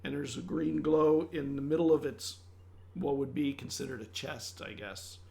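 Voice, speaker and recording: A man's voice: medium pitch, steady tone, moderate pace, a little mellow. A man narrating a tabletop game as game master, with loose, searching description and many restarts. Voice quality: gravelly. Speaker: dungeon master.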